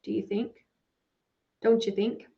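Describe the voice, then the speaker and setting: A woman's voice: mid-range voice, little pitch movement, slow, creaky. A scheming schoolboy bully, voiced by a woman reader, needles his classmate with a false friendliness. His wheedling sounds like a door-to-door salesman. The recording is slightly dull and lo-fi. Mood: needling.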